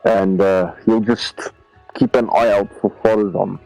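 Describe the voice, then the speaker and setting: A man's voice: lowish voice, fairly even intonation, measured pace, creaky, mellow, no echo, faint music behind, low-quality recording. A man with a South African accent, casually describing his character's moves in a tabletop game, hesitant with fillers. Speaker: player. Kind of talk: tabletop role-play chat.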